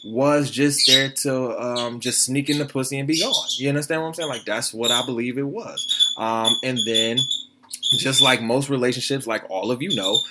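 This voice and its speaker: Young male podcast host, mid-pitched, blunt and profane, noisy home recording. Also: moderate pace. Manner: animated, blunt and profane, keeps asking "you understand what I'm saying?". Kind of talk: casual solo podcast commentary.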